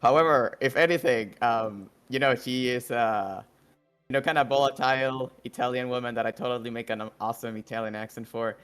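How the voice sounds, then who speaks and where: Smooth-voiced man playing a tabletop game. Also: mid-range voice, fairly quick, fairly bright tone, faint music behind. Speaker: player. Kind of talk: casual chat.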